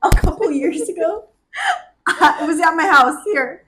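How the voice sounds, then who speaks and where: A woman in her twenties co-hosting a podcast, telling stories in an animated way with frequent laughter. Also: very high-pitched, a little slow, background noise. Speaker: podcast co-host. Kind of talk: casual chat.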